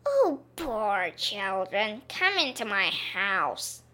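A woman voicing a wicked, greedy old witch in a storybook reading, drawing her words out slowly. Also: mid-range voice, very animated, sharp tone, exaggerated voice. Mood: menacing.

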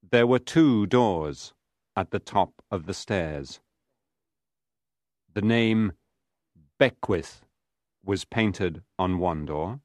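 A man's voice: lowish voice, no room sound, studio quality. A man narrating a graded reader audiobook in a careful reading voice.

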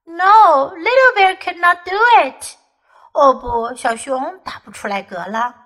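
A woman teacher reading a children's picture book aloud, slow and lively for learners. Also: high-pitched. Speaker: English teacher. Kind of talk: bilingual storybook reading.

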